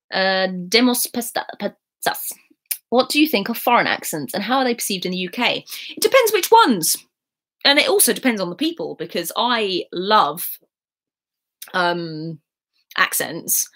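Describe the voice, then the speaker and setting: Chatty young English woman, low voice. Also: pushed and bright. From England. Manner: chatty, reads out questions, laughs easily. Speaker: YouTuber answering chat questions. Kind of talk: casual live stream chat. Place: at home in bed.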